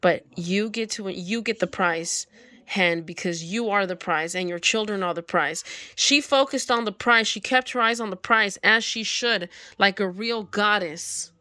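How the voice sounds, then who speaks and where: This storybook reader, a woman of medium pitch with a sharp tone, reads at a measured pace. She frequently breaks off to comment on the picture book and tell off its animal characters.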